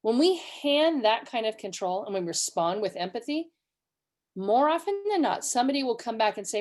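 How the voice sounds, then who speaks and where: A woman's voice: a little high, very animated, moderate pace, darkish tone. A woman from California giving a conversational online webinar, telling stories and acting out quoted voices. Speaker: webinar presenter.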